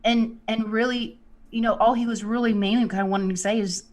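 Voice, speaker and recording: A woman's voice: fairly high pitch, fairly even intonation, brisk, darkish tone. A woman, a psychic medium, talking casually and rambling, with many "you know"s. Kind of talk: casual spiritual talk.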